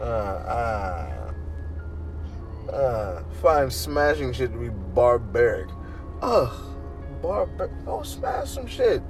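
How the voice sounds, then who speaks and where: A man rants about a movie with lots of profanity, his pitch leaping high and low as he gets worked up. He takes his time, drawing out his words. Faint music and city noise sit behind him outdoors. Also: rough recording. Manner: animated and profane, acts out quoted voices. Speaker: movie reviewer, show host. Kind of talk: casual rant.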